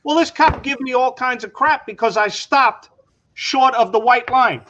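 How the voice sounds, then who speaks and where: Man with a very high voice. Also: normal speed, bright, forceful tone, highs cut off. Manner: short backchannel replies, brief anecdotes. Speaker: guest on live chat. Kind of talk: casual chat.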